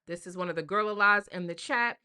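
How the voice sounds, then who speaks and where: A woman's voice: mid-range voice, brisk, sharp tone, smooth. An older woman, a grandmother hosting a casual live stream and chatting with viewers in a slangy, talkative way. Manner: chatty, slangy, addresses viewers as y'all and baby. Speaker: livestream host.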